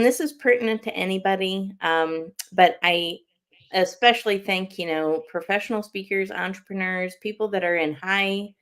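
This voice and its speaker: A woman hosting an interview podcast, telling a story in a lively way, laughing often and acting out what people said. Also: fairly low pitch, clean tone. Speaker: podcast host. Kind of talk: casual interview chat.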